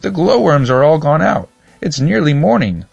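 A man voicing an excitable old witch woman in a storybook reading, pushing his voice high and strained. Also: moderate pace, vocal fry, breathy edge, no echo, muffled recording, faint music behind, exaggerated voice. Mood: exclaiming.

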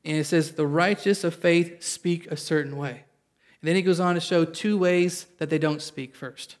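An earnest sermon comes from a pastor whose voice is slightly high and whose pace is moderate. He reads scripture to the congregation, explains it in plain everyday words and keeps prompting them for an amen.

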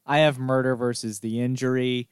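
A man's voice: mid-range voice, level tone, moderate pace, clean tone, no echo. A man co-hosting a podcast in casual chat, explaining things in a friendly way and chuckling often. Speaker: podcast co-host.

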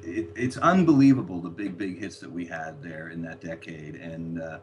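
Brief: older man from the New York area with a low voice, rambling storyteller who repeats words, guest on a podcast. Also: normal speed, slight background noise. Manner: rambling, repeats words, laughs at his own stories. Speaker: guest, former record label executive.

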